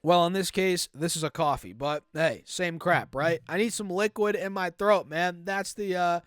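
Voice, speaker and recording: A man's voice: sits high, normal speed, a bit bright, clean tone, dry recording. A young man giving casual stock chart commentary for his channel, talking straight to his viewers, with a slight cold and a voice that cracks now and then. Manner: casual, repeats "right?" and "man", speaks to "guys". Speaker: stock market YouTuber.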